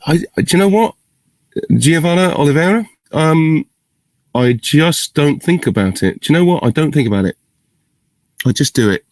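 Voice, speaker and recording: A man's voice: fairly high pitch, darkish tone, no room sound. Rambling man on a video call. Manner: rambling, thinks aloud, self-interrupting, good-humoured. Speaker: actor answering fan questions. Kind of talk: casual virtual Q&A.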